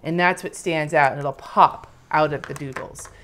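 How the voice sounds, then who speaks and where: A woman's voice: deep voice, fairly even intonation, moderate pace, fairly bright tone. A woman in her thirties casually teaching lettering on a live stream, chatty and rambling as she draws and explains. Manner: chatty, rambling, demonstrates while drawing.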